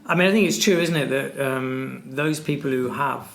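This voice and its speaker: A man's voice: mid-range voice, normal speed, gravelly, a bit bright. A man hosting a podcast, talking in a casual, conversational way with hesitant fillers. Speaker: podcast host, maths and business teacher.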